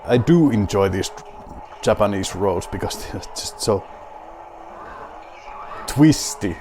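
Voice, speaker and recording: A man with a Finnish accent plays a rally game while he drinks beer, and he keeps up a wry, mock-grand commentary to himself. His voice sits fairly low and he talks slowly. There is a faint hiss under the voice. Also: lively intonation. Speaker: gaming video host.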